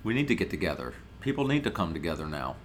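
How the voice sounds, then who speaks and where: A man's voice: low-pitched, very animated, quick pace, a little hiss or hum. A male podcast host from Ohio, ranting in a brash, profane, mock-indignant way in a casual comedic monologue.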